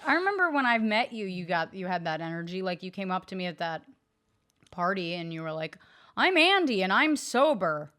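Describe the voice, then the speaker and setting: A woman co-hosting a podcast in a studio, chatting casually and ribbing her co-host with deadpan teasing. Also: fairly low pitch, brisk, clean tone. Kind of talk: casual comedic chat.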